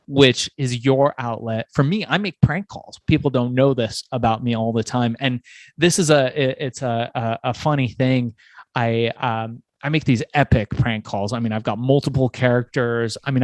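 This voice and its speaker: An animated male podcast host who tells stories with emphatic swings in delivery. His voice sits at a middle pitch. The recording is close and dry, with no room sound. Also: normal speed, dry recording. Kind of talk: conversational podcast interview.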